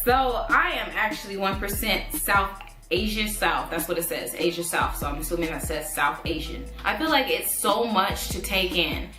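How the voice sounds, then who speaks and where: A woman's voice: medium pitch, animated, normal speed, echoey room, music in the background. A woman in her twenties vlogging casually to camera, rambling and thinking aloud with lots of fillers. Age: 20s.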